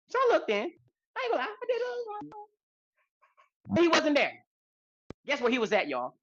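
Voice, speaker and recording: Woman podcaster telling a story, lively, bright voice, swears a lot, says stuff twice for effect. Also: extremely high pitch, brisk, long pauses, low-quality recording. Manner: animated, repeats lines for emphasis, swears freely. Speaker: podcast co-host. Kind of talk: casual storytelling chat.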